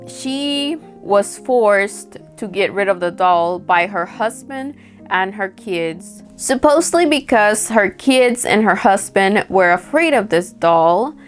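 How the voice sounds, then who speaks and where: A woman of ordinary pitch tells a spooky personal story in a loose, chatty way, sprinkling in fillers. Soft music runs quietly behind her. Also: animated, slow pace. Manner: chatty, peppered with "like" and acted-out quotes. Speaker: storytime vlogger. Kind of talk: casual spoken storytelling.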